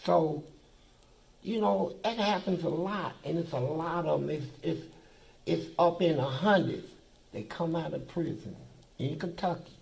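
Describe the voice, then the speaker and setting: A man's voice: on the high side, a little slow, gravelly, darkish tone, poor audio. An older man telling stories in a blunt, profane, streetwise way, as a guest in an interview. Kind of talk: casual storytelling.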